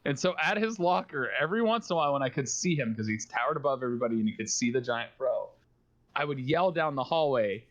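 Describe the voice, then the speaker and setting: A man's voice: mid-range voice, lively intonation, fast, fairly bright tone. A man rambling through a laughing story, on a muffled stream. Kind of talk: casual chat on a sleepy stream.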